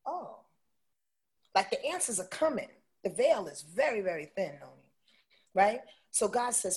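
A woman with a husky, breathy voice talks as a guest in a casual interview. She is animated and emphatic and keeps tagging her points with "right?". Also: mid-range voice, a little slow, long pauses. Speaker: guest, intuitive astrologer.

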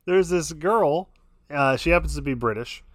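Laughing frequently, a podcast co-host shares a story in relaxed conversation. This man has a fairly high voice and talks at normal speed, captured in a dry recording with clean studio sound.

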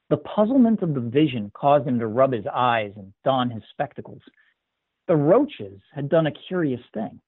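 A man narrating a scripted story in a measured, even manner. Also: on the high side, slightly rough, dry recording. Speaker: story reader. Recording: tinny dry phone-like sound.

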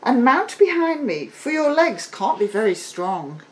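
A woman's voice: on the high side, sing-song, a little slow, voice pushed up, poor audio. A woman voicing a kind, generous young man in a fairy tale reading.

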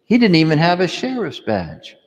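A man as priest or deacon, reading the gospel and giving an animated homily to children, asking them questions. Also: fairly high pitch, moderate pace. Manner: animated storytelling, asks kids questions. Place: church. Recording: long church reverb.

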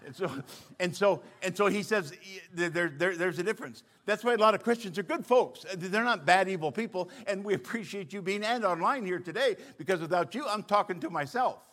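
Bright-voiced older male pastor preaching. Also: sits high, a little fast. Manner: storytelling, animated with bursts of emphasis and laughter. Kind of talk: sermon.

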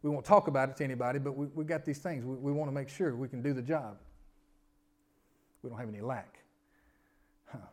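A male pastor preaching a sermon, swinging from loud emphatic lines to quiet asides and stacking rhetorical questions. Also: mid-range voice, fairly quick, pauses often. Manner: repetitive, building lists of rhetorical questions.

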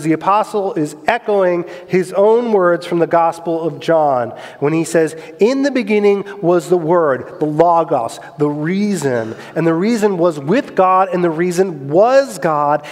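A man with a high voice preaches in a church sanctuary, leaning hard on rhetorical questions and repetition. His delivery swings from loud, emphatic bursts to hushed lines. A long reverb trails every phrase. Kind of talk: sermon.

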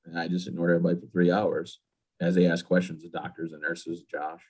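A man's voice: low-pitched, flat delivery, brisk, a little mellow, husky. A man in his thirties, a veteran guest, telling his personal story in a candid, plain-spoken interview manner.

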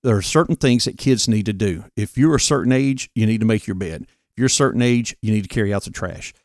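A man's voice: lowish voice, quick pace, a little mellow, no room sound, clean studio sound. A middle-aged man co-hosting a parenting podcast, talking in a firm, earnest, lecturing way. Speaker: podcast co-host. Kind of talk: casual parenting talk.

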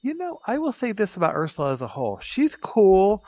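A man co-hosting a casual podcast chat, telling stories in an upbeat, animated way. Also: high voice, a little fast, no echo. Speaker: podcast co-host.

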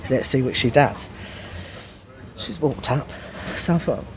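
A woman telling a prison story in casual chat, animated and swearing, often laughing and jumping high in pitch when she acts out what was said. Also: unhurried. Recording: noisy background.

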